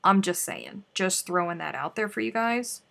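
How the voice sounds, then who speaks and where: A woman's voice: mid-range voice, lively intonation, normal speed, vocal fry, a bit bright. A woman hosting a live crochet stream, chatting casually and muttering to herself as she works. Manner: chatty, exclaiming, mutters to herself while working.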